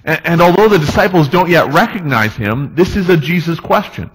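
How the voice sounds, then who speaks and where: A male pastor preaching a sermon in a relaxed, conversational way, often checking in with the congregation. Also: a little high, fairly quick, breathy edge, rough recording. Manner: conversational, tag questions, restarts. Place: church.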